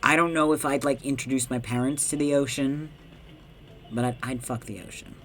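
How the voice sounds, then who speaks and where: A male streamer tears through a game with profane, joking asides and talks straight back at the screen. His voice sits at a middle pitch, close to a desk mic. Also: moderate pace, a bit bright, a little hiss or hum. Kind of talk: casual game commentary.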